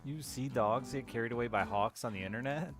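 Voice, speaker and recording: A man's voice: medium pitch, brisk, fairly bright tone. A man streaming a game, chatting casually with wry, profane reactions. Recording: music playing behind the voice.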